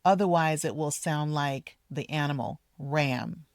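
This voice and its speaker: A woman teaching English pronunciation at a relaxed, slow pace with a low voice. She repeats each model word carefully and deliberately. The sound is close and dry, with no room echo. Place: outdoors in a park, walking with her dog.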